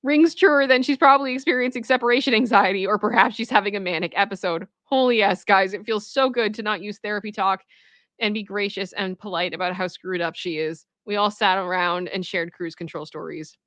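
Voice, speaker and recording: A woman hosting casual story commentary, chatty and animated, often laughing as she reacts. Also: mid-range voice, fairly quick, no echo. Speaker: commentary host.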